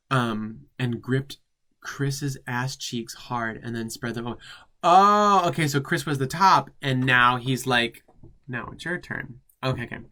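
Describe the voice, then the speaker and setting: With a bright, forceful, mid-range voice, this man performs as a drag queen host, reading fan fiction aloud and tossing in sassy, campy asides for comedic commentary.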